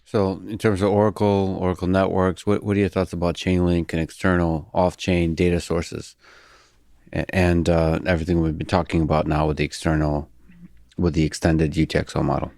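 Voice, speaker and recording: A man hosting a podcast, asking measured, halting questions. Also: low voice, level tone, creaky, a little mellow, no echo, clean studio sound. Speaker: podcast host. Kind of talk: podcast interview.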